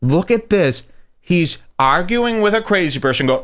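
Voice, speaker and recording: A man ranting through a comedic video commentary, swearing freely as he mocks the clip. His voice is bright and edgy, and it jumps around a wide, lively range. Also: on the high side, brisk. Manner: profane, ranting, animated. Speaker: host.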